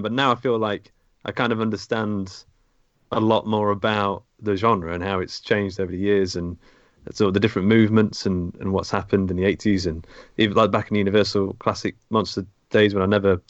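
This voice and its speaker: Man, lowish voice, rambling casual podcast talk, dry dull sound. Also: fast, no echo. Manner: relaxed, rambling with fillers. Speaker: podcast co-host.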